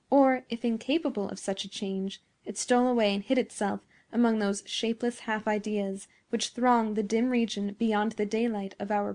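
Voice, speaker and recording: A woman narrating a classic story in a measured, expressive reading. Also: fairly high pitch. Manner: measured, expressive reading of old-fashioned prose. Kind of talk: scripted narration.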